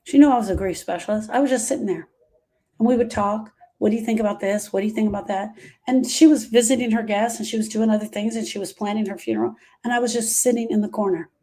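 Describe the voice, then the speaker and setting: A woman's voice: mid-range voice, fast, mellow. A woman grief specialist talking live to her viewers, giving emphatic, repetitive, direct advice.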